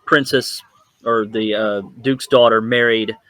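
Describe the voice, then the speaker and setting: A man taking part in a tabletop role-playing game. He speaks politely and haltingly, with frequent fillers, in a dry, close sound with no room around it. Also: on the low side, steady tone, sharp tone, no echo. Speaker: player.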